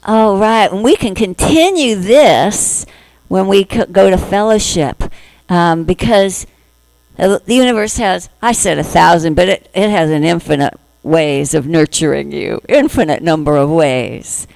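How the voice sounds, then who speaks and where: Slow, gentle woman giving a spiritual talk. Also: fairly low pitch, vocal fry, no room sound, low-quality recording. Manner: gentle, acts out inner voices in short quoted asides. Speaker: minister giving a Sunday talk.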